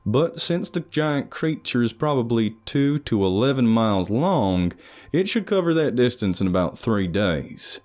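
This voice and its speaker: A man voicing a scheming male expedition leader who briskly lays out a plan and mocks his crew. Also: mid-range voice, animated, a little mellow, close to an everyday voice. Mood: briefing.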